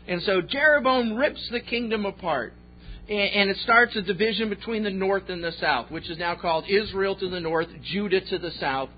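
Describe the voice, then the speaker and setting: A man's voice: high voice, normal speed. A man pastor preaching a sermon with folksy storytelling and jokes, on a slightly dull recording.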